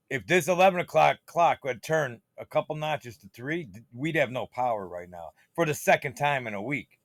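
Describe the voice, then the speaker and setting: A man hosting his own channel rambles through casual, profane, conspiratorial commentary while showing things on his computer screen. His voice is medium-pitched and creaky, in a dry recording.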